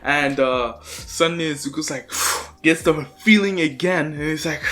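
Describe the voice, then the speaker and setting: A man's voice: on the high side, moderate pace, fairly bright tone. A young man casually narrating a fan story, rambling with lots of fillers and restarts. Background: faint lofi music.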